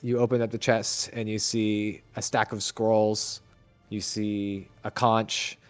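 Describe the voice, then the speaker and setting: Halting, low-voiced game master. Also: male voice, level tone, clear, resonant tone, soft background music. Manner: halting, full of fillers and restarts. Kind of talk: narrating a tabletop game.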